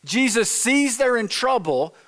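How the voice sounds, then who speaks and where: High-voiced pastor giving a casual sermon. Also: male voice, very animated, measured pace, fairly bright tone. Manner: informal, storytelling, acts out quotes. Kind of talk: conversational sermon. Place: church sanctuary.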